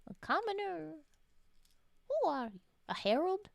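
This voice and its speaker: Playful sleepy woman streamer, high lively voice. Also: a little slow, vocal fry, dull audio, background noise. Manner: playful teasing, soft and murmured, often whispering. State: sleepy, yawning. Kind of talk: casual live-stream chat while folding origami.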